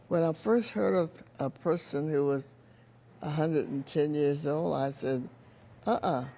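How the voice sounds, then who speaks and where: A 110-year-old woman from California, talking slowly and gently about her gratitude in a casual interview. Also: low voice, gravelly. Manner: slow, gentle and grateful. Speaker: birthday guest interviewee.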